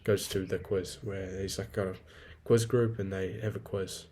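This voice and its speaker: A man's voice: deep voice, little pitch movement, moderate pace, warm tone, a little hiss or hum. A young man, rambling and swearing freely in a casual solo podcast monologue. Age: 20s. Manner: profane, rambling, venting. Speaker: podcast host.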